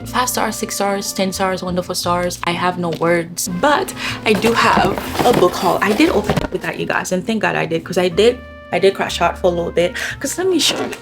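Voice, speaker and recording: A young woman vlogger chatting casually and gushing about books, swinging from low murmurs to excited bursts. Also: fairly quick, over music. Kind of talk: casual chat.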